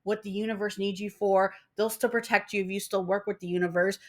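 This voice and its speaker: Talking a little fast in a steady, mid-range voice, a young woman vlogs about spirituality, ranting casually to camera. She works herself up, curses often and does impressions of other people.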